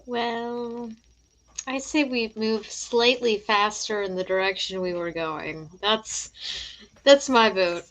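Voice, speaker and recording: Bright, playful woman player. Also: medium pitch, steady tone, takes it slowly. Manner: playful, joking, laughs often. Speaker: guest player. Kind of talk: tabletop game chat.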